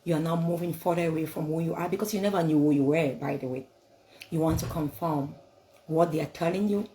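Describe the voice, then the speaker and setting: A woman's voice: low-pitched, fairly quick, dark tone, a little hiss or hum, poor audio. A woman speaking English as a second language, giving a motivational talk laced with scripture, emphatic and repetitive, full of rhetorical questions. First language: not English.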